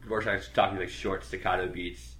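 Deep-voiced man rambling casually. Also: little pitch movement, normal speed, fairly bright tone. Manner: rambling, filler-heavy, acts out characters' lines. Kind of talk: casual chat recapping a graphic novel.

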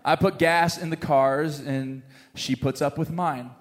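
A man preaching to a congregation, an animated storyteller who jokes with the crowd between points. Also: fairly high pitch, measured pace, long reverb tail. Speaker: pastor. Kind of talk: sermon with a humorous story. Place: church hall with congregation.

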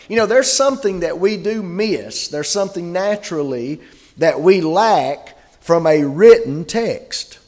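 Man, preacher, fairly high voice, chatty sermon, slow scripture reading. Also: lively intonation, darkish tone. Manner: conversational preaching, reading scripture aloud slowly. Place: church gathering.

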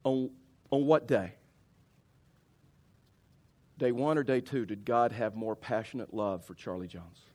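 A middle-aged man, a pastor preaching a sermon as a lively storyteller who acts out his own reactions. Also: medium pitch, measured pace, pauses often. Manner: animated storyteller, acts out his own outbursts, many restarts.

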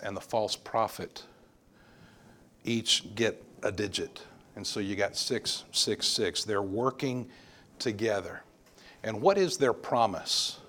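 A man's voice: on the low side, a bit bright. A male pastor preaching a sermon, emphatic and repeating words for stress.

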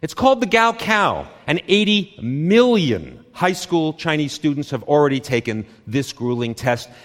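A man delivers a conference talk in a high, lively voice that rises and falls with every phrase. He speaks slowly in short, punchy lines, and the long reverb of a big hall trails each word. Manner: deliberate, dramatic short phrases with pauses. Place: stage in a large hall.

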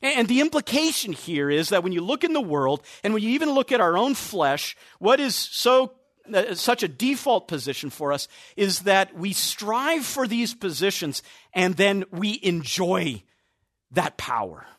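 A man preaching a sermon as pastor, stressing key words with slow, drawn-out emphasis. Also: sits high, sing-song, a bit bright, no echo, studio quality.

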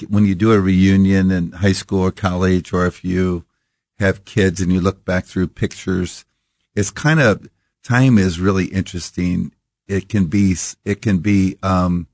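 A man's voice: low-pitched, creaky, a little mellow, no echo. A man in his fifties from Iowa, a guest on a studio interview, talking reflectively and rambling with many restarts. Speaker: coffee company founder, guest. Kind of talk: casual interview. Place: radio studio.

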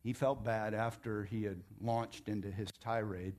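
Speaking at a measured pace in a lowish voice, a pastor delivers his sermon with emphasis. His style is conversational, with animated storytelling and jokes shared with the congregation.

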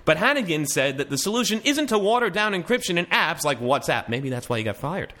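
A man's voice: a little high, sing-song, fairly quick, bright, forceful tone. A man hosting a casual news podcast, reading articles aloud with wry asides and frequent restarts. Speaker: podcast host.

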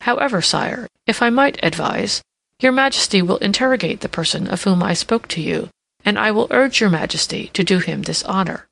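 An impatient, deferential courtier duke, as a woman reader puts him on, questioning the king with polite unease. Her voice carries a gravelly grain and sounds dry and close. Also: mid-range voice, animated, normal speed, a bit bright, no room sound. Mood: uneasy.

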